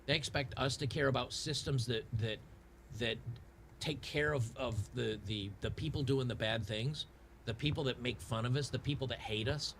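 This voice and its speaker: A man's voice: mid-range voice, moderate pace, gravelly, a bit bright, slight background noise. A man, ranting in a frustrated, sarcastic way over a game and often restarting his sentences. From Tennessee. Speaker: gaming channel host. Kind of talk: ranting commentary over gameplay.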